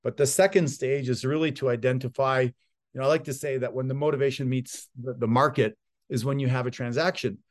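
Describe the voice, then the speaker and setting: A man's voice: medium pitch, brisk. A middle-aged man in a conversational interview, giving real estate sales advice and acting out the voices of people he quotes. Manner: animated storyteller, acts out quoted voices. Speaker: real estate guest expert.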